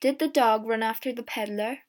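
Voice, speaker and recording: A woman voicing a calm, kind male magistrate in a storybook, questioning people slowly and carefully. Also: a little high, natural voice. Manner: slow and careful.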